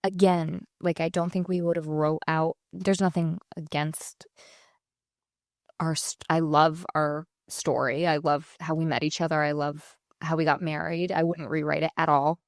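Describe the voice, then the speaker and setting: A young woman co-hosting a faith podcast, telling stories in a chatty, animated way and acting out quoted voices. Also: low-pitched, a little slow, no echo, clean studio sound. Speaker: podcast co-host. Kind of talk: casual faith conversation.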